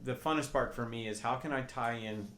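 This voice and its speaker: A man explains his game ideas in a relaxed podcast chat. His voice sits at a middle pitch. The room rings with echo, and faint ambience runs underneath. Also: brisk, a little hiss or hum. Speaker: podcast co-host. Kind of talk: casual chat about tabletop games.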